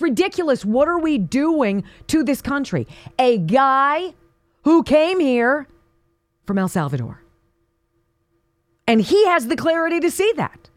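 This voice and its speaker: Woman, talk radio host; punchy, slangy, swooping delivery, slightly high voice. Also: dry recording. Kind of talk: opinionated political talk radio.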